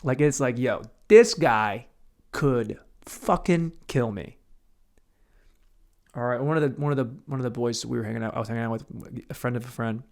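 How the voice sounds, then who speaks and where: A young man hosting a solo podcast, telling rambling, profane stories and breaking into sudden loud outbursts. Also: medium pitch, level tone, racing, creaky, hardly any pauses. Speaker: podcast host.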